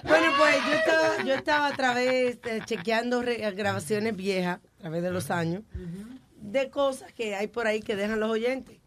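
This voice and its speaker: Radio host lady, bright crisp voice, chatty and playful. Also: fairly high pitch, fairly quick. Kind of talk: casual radio chat.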